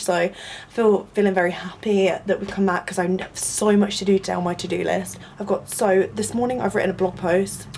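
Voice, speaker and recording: A young woman, a university student, chatting casually in a rambling vlog from her student flat. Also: mid-range voice, a little hiss or hum. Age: young adult. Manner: rambling, lots of "like" fillers.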